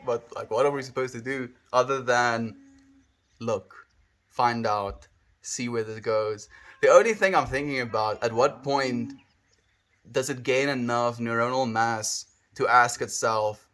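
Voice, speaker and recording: A man's voice: mid-range voice, unhurried, a bit bright. A man with a South African accent chatting on a livestream, musing and rambling as he thinks aloud, with hums between thoughts. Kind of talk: casual livestream chat.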